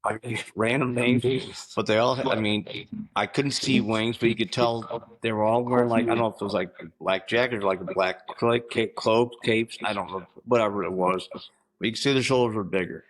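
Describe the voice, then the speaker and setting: A man in his fifties from Missouri, a podcast guest telling a personal story in a halting way, restarting sentences and clearing his throat. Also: fairly low pitch, fairly even intonation, poor audio. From Missouri, United States.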